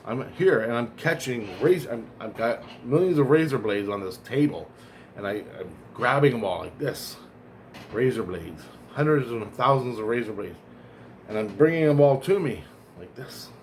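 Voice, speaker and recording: A man's voice: mid-range voice, expressive, normal speed, a little hiss or hum. A man vlogging, telling a long personal story in a rambling, profane way, often restarting and correcting himself. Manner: profane, digressive, self-correcting.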